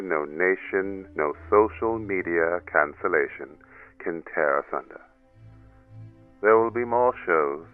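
A man's voice: low voice, bright, forceful tone, highs cut off, pitched below the performer's own voice, heavily acted. A man doing a pompous fake-English orator. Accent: bad imitation English accent. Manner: solemn, theatrical declaiming. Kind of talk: mock-grand comedic monologue.

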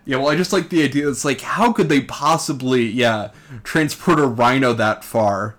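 A man's voice: mid-range voice, moderate pace, a bit bright. A young man co-hosting a casual podcast, talking in a laid-back, rambling way with many fillers. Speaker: podcast co-host.

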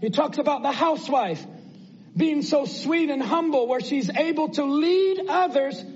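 A man's voice: very high voice, unhurried, a little mellow, lo-fi sound, slight background noise. A man preaching a sermon in an earnest, conversational way, asking his listeners rhetorical questions.

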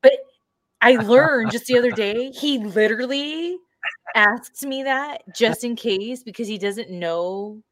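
A woman's voice: on the high side, slow. Woman, casual podcast chat, chatty storyteller, laughing, coughing. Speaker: podcast co-host.

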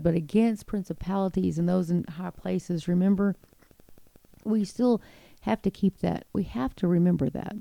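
A woman's voice: fairly low pitch, lively intonation, measured pace, vocal fry, warm tone, no room sound. A middle-aged woman giving impassioned Christian commentary on the news, reading quotes aloud and breaking in with indignant asides.

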